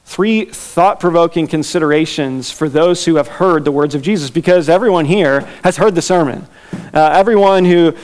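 A man preaching an expository sermon, emphatic and repeating his key lines. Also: a little high. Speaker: pastor.

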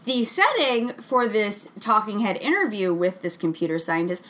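A woman's voice: mid-range voice, sing-song, normal speed, fairly bright tone. A woman in casual podcast chat, playfully spinning theories and giggling between remarks.

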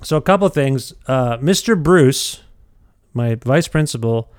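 Animated man telling a story. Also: medium pitch, a little slow, smooth, no echo, studio quality. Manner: animated, self-deprecating, nervous restarts. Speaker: podcast storyteller. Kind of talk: casual storytelling.

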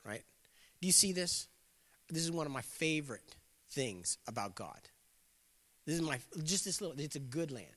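A man's voice: fairly high pitch, sharp tone. A man preaching a sermon in a casual, conversational way, slipping into voices of the people in the story. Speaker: pastor. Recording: long hall reverb.

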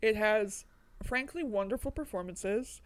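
A woman co-hosting a podcast, talking in an animated, rambling way and swearing freely. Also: mid-range voice, unhurried, crowd noise. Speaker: podcast co-host. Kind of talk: casual chat.

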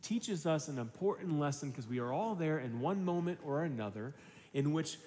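A man's voice: fairly high pitch, expressive, moderate pace, darkish tone, long reverb tail, slight background noise. A man in his thirties preaching a sermon as pastor, casual and conversational, slipping into voices for the people in his story.

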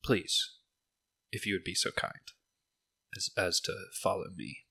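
A man voicing a calm, courteous half-orc woman guide in a tabletop game. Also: low voice, measured pace, creaky, slightly rough, exaggerated voice. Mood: polite.

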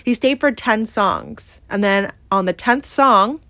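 Woman podcaster, kinda high voice, blunt and sweary, dry close sound. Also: slow pace, a bit bright, no echo. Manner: emphatic and profane, heavy use of "like" and "yeah?". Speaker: podcast host. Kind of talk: candid confessional storytelling.

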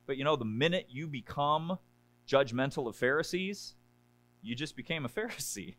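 A man preaching a conversational sermon to a congregation, often checking in with "right?" and acting out whiny complaints. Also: moderate pace. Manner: acts out complaining voices in a high whiny pitch. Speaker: pastor.

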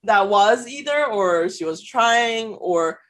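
A woman's voice: medium pitch, takes it slowly, a loud crowd. A woman co-hosting a casual podcast, telling a story animatedly with lots of fillers and laughter and acting out what people said. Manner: animated, frequent fillers and laughs, acts out quotes. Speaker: podcast co-host.

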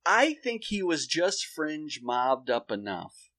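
A man's voice: on the high side, big pitch swings, slow pace, sharp tone. A man co-hosting a comedy chat, telling stories casually, laughing often and swearing freely. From lived in New York. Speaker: comedian podcast co-host.

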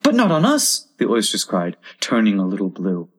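A man's voice: lowish voice, huge pitch swings, normal speed. A man voicing a chorus of small, eager oysters with a piping, pleading manner.

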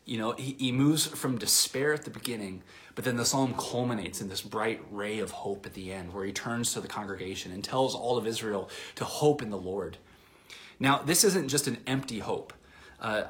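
A man with a lowish voice preaches a sermon in a loose, conversational way. He fills his sentences with little hesitations and restarts, and his voice sometimes sinks to a soft near-whisper. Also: normal speed. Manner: conversational, with many fillers and restarts. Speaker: pastor.

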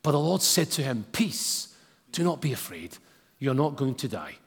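A man's voice: mid-range voice, sing-song, moderate pace, gravelly, slightly rough. A man preaching a sermon and reading scripture aloud, with casual asides to the congregation. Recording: long hall reverb.

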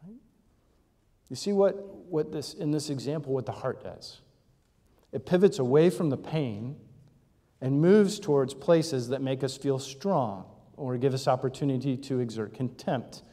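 A man's voice: mid-range voice, unhurried, dark tone. A male pastor preaching a sermon in a conversational teaching manner, often asking rhetorical questions and checking in with his listeners. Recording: long reverb of a large hall.

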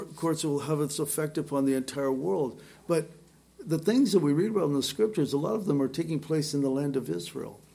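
A man's voice: on the high side, vocal fry, a little mellow. A male pastor giving an expository sermon, conversational and emphatic, reading scripture aloud and adding his own asides. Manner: conversational, emphatic, with fillers and restarts.

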